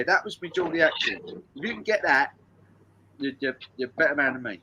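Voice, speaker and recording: A man hosts a charity live stream, reading out answers to a music quiz in a relaxed, joking way. His voice sits a touch high and has a bright, forceful edge. He banters with the chat, swears freely and laughs often. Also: brisk, slightly rough.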